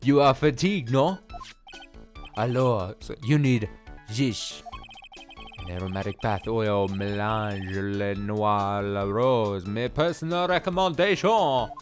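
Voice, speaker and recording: A man's voice: lowish voice, slow, soft background music. A man voicing a flamboyant male French restaurant owner in a hammy, put-on French accent, reading game dialogue. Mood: fawning. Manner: exaggerated hammy accent, theatrical.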